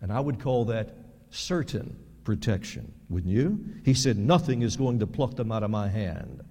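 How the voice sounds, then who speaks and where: A pastor delivering a sermon in a mellow, warm voice, his words ringing out with a long echo through a large church sanctuary. He preaches emphatically, hammering words through repetition and swinging from loud peaks to low, quiet drops. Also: expressive, normal speed. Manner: emphatic preaching with sharp swings in loudness and pitch, repeating words for stress. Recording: long reverb of a large hall.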